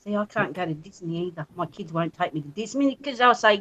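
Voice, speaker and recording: A woman's voice: on the low side, expressive, brisk, fairly bright tone, highs cut off. A woman in her fifties telling playful stories in casual chat, acting out her family's lines. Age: 50s.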